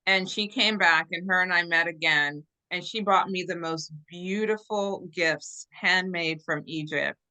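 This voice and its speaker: A woman guest telling her story in an animated, earnest way over a video call. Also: on the low side, a little slow, hardly any pauses, poor audio. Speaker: interview guest. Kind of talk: casual storytelling.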